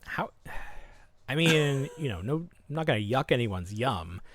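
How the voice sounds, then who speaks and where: A man's voice: mid-range voice, very animated, unhurried, fairly bright tone, a little hiss or hum. A man co-hosting a podcast in casual chat, rambling through half-finished thoughts with lots of fillers. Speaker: podcast co-host.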